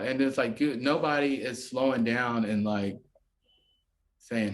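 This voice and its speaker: A man in a relaxed podcast conversation, at an everyday middle pitch. He rambles with lots of filler words and drops into brief playful impressions of other people as he makes his point. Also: measured pace, pauses often. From United States. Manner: rambling, filler-heavy, often acts out quoted voices. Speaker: podcast guest, musician.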